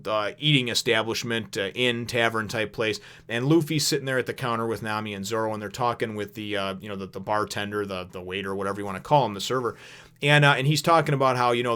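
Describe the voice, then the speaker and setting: A man's voice: mid-range voice, a bit bright. A man reviewing a comic chapter in a casual, rambling way, full of fillers and offhand swearing. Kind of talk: casual recap and commentary.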